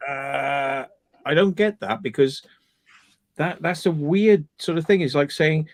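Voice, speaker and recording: Brief: male streamer, higher-pitched, ranting casual chat, swears freely. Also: a little slow. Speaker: live stream host.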